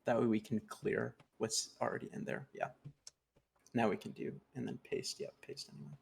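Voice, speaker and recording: Casual stream guest, a man with a gravelly edge, walks through steps patiently. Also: mid-range voice, moderate pace, darkish tone, a little hiss or hum. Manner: patient step-by-step instructions. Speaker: guest teaching neovim. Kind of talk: casual livestream tutorial.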